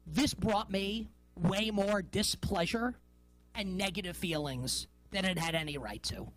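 A woman's voice: medium pitch, a little slow, no echo, faint music behind, rough recording. Woman in her thirties, sports talk host, monologue, rambling, incredulous, punchy stress.

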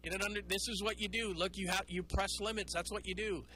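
A man hosting a call-in sports radio show, talking in an animated, rambling way and mocking people in put-on voices. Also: high voice, quick pace, low-quality recording.

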